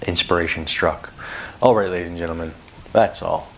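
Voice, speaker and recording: A man's voice: low voice, steady tone, moderate pace, vocal fry, fairly bright tone, a little hiss or hum. A man on a vlog telling a personal story in an intense, rambling way, swearing freely as he goes. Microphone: close to camera.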